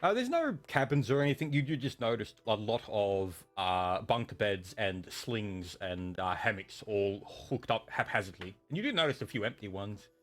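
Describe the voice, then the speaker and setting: A man's voice: lowish voice, expressive, normal speed, few pauses, soft background music. A man narrating as game master of a tabletop game, rambling with many fillers and restarts.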